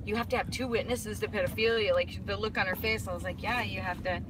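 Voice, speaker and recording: A woman hosting a live stream, retelling a conversation in lively casual chat and quoting everyone with "I'm like.". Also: medium pitch, quick pace, background noise. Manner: animated storyteller, quotes others with "I'm like".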